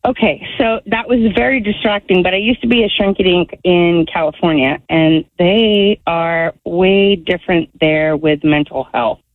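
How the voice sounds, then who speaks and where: A female caller speaking slowly and chattily, with her sentences trailing off. Her voice comes through a tinny, dry phone line. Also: fairly low pitch, no room sound. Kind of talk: phoning in to a radio show.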